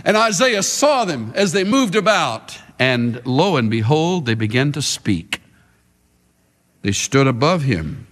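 A man's voice: fairly high pitch, sing-song, slow, a bit bright, in a large hall. A man preaching a sermon with dramatic delivery, leading his congregation to answer back in call-and-response.

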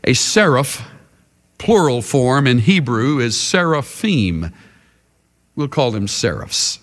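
A man's voice: mid-range voice, very animated, slow, a bit bright. Dramatic male preacher in an echoing hall. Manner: dramatic, leads the congregation in call-and-response. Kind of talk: sermon.

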